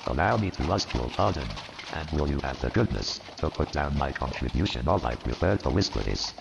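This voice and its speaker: A man playing an old miserly man turned joyful and repentant, with a gravelly voice and a theatrical, animated delivery in an audio drama. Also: fairly quick, background noise, exaggerated voice. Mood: humble. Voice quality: gravelly, very deep. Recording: reverberant, dull lo-fi, faint music.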